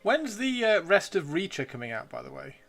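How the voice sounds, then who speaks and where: A man live streaming as he builds miniatures, excitable and rambling, talking to himself and to chat. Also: sits high, a little fast, creaky.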